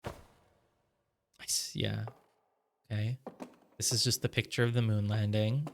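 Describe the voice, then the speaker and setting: A man giving casual let's-play commentary. He thinks out loud, peppers his talk with "like," and slips soft laughs between thoughts. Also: on the low side, flat delivery, slow pace, vocal fry, slight background noise. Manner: musing aloud, heavy on "like" fillers. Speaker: gamer playing through a game.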